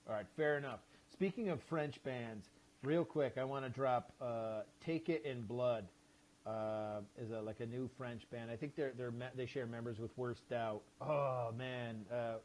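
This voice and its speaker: A man's voice: mid-range voice, a little slow, darkish tone. A man who is a podcast guest, chatting casually in a rambling, enthusiastic way with many fillers and swears. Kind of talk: casual chat.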